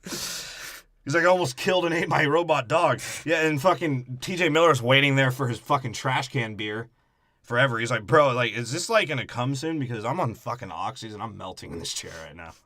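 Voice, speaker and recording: A man's voice: medium pitch, expressive, normal speed, pushed and bright, dry recording, clean studio sound. A man co-hosting a comedy movie podcast, riffing crudely and slipping into character voices. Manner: riffs with put-on character voices. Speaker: podcast co-host.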